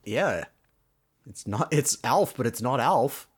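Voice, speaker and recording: A man's voice: mid-range voice, expressive, takes it slowly, husky. A man co-hosting a podcast in casual chat, recapping an old cartoon with bemused, sardonic remarks. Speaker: podcast co-host.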